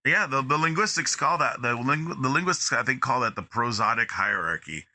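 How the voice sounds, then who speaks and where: Bright, very expressive man guest. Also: mid-range voice, a little fast. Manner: very expressive, emphasizes and de-emphasizes words. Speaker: podcast guest, music educator. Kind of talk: casual conversation.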